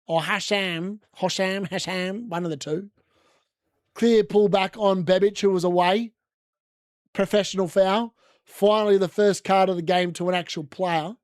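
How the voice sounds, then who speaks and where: A man's voice: high voice, fairly even intonation, normal speed, pauses often, a little mellow, no echo, clean studio sound. A young adult man with an Australian accent, hosting a casual live football watchalong and reacting to the chat. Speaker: watchalong host.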